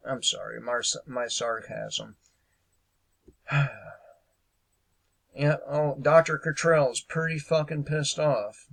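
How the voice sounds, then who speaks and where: A man talks through the news in a loose, unscripted rant, stalling on fillers and dropping into sarcasm. His voice has a gravelly fry to it, and he takes his time. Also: medium pitch, measured pace, few pauses, fairly bright tone, low-quality recording. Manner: hesitant and sarcastic, many fillers. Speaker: political commentary host. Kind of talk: casual political rant.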